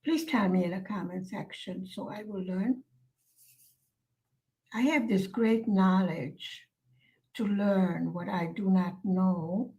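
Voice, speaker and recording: Woman vlogger, casual chat, slow and soft-spoken, mid-range pitch. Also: poor audio. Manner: soft-spoken and musing, with many pauses and fillers. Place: lives in Hungary.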